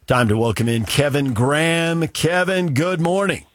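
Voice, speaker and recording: A man hosting a sports radio show, reading sponsor lines and teasing his guest in lively banter. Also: fairly high pitch, unhurried, dry recording.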